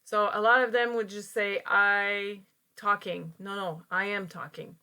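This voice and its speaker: A woman's voice: medium pitch, normal speed, bright, forceful tone, smooth. A woman teaching an English grammar lesson, patiently explaining step by step with frequent fillers.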